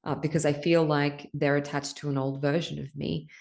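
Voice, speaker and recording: A woman's voice: low voice, little pitch movement, moderate pace, gravelly, darkish tone. A young adult woman hosting a podcast, talking candidly and emotionally about her spiritual path, swearing casually and laughing often. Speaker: podcast host.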